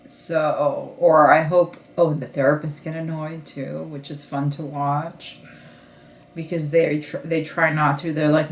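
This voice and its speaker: A woman comedian with a low voice speaks in a slow, loose podcast monologue. She rambles and restarts, leaning on "like" as filler. The recording carries a noticeable roomy echo. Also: little pitch movement.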